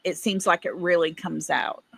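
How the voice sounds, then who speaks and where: A woman's voice: on the low side, normal speed, creaky, husky, no room sound. A middle-aged woman with an East Texas accent, hosting a livestream and chatting casually with viewers in a folksy way while laughing often. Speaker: livestream host. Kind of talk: casual chat reading viewer comments.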